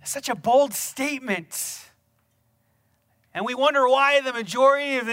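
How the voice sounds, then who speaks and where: A man preaching a sermon, building from quiet reflection to loud, emphatic exhortation with rhetorical questions. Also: very high-pitched, unhurried, long pauses. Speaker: pastor.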